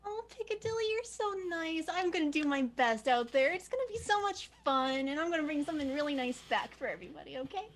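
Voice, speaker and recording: A woman's voice: sits high, very animated, fast talker, hardly any pauses, pitched above the performer's own voice. A woman voicing a young, eager camper heading off to summer camp. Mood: excited. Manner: bubbly and eager. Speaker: game master.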